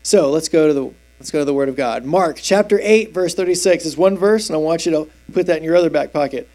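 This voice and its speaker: A male preacher with a high-pitched voice teaching through scripture in a loose, conversational way. He throws questions out to the audience and uses plain everyday words to explain each verse. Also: quick pace, warm tone. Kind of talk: expository sermon.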